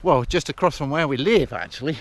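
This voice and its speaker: A man's voice: fairly high pitch, expressive, a little fast, no echo. A middle-aged English man, out of breath, chatting and laughing as he vlogs while walking up a hill outdoors. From England. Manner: chatty, self-mocking, laughs often. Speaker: vlogger. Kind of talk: casual outdoor vlog chat. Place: hillside outdoors. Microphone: handheld camera.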